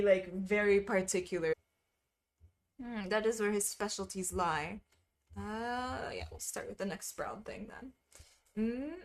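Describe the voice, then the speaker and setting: A woman streaming casually, chatting with viewers while she stitches, full of wry asides and frequent laughter. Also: medium pitch.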